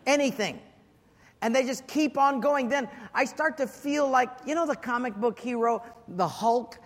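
A man preaching a sermon as pastor, telling stories with lively acted-out voices and comic shouting. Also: extremely high pitch, moderate pace. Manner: animated storyteller, acts out voices and shouts for comic effect. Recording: long reverb of a large hall.

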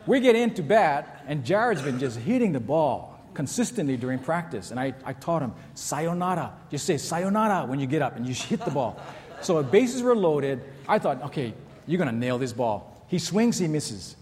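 A middle-aged male pastor preaches to his church, telling his stories with animated energy and acting out the voices in them. His voice sits a little high for a man. The sermon carries a long hall reverb over faint background ambience. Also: slight background noise. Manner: animated storyteller, acts out shouts and kids' voices. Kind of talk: sermon with storytelling.

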